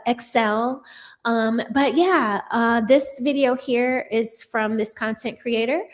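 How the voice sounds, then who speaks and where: Slow-talking sassy woman streamer. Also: on the high side. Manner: sassy, profane, chatty with many fillers. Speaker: livestream news commentator. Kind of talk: casual livestream chat with viewers.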